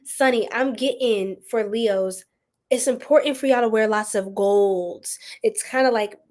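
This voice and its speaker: A woman's voice: on the high side, a little slow, darkish tone. A woman giving a chatty live-streamed tarot reading, greeting chat viewers affectionately and using casual slang. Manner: uses slang like y'all and boo. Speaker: tarot reader.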